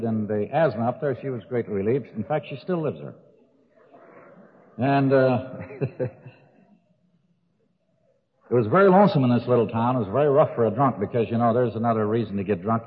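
On a tinny old recording drenched in long hall reverb, an older man with a lowish, breathy voice shares his drinking story in a recovery talk. He's folksy and jokey, chuckling at his own anecdotes.

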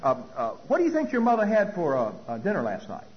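Probing female counselor put on by a man, calm and persistent, asks pointed questions; dull lo-fi recording. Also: high voice, fast, voice pushed up.

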